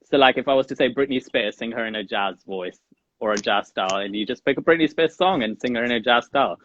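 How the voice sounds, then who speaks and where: A man's voice: mid-range voice, fast, a bit bright, no room sound, highs cut off. A man hosting a podcast interview with Indian English speech, who sets playful challenges and counts down in an upbeat, teasing way. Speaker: podcast host.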